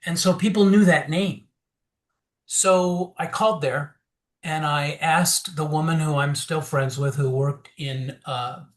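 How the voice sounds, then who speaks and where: Frankly sharing how he recovered, this interview guest speaks in a somewhat high voice. He gets animated and performs the quotes he recalls, with plenty of fillers and false starts along the way.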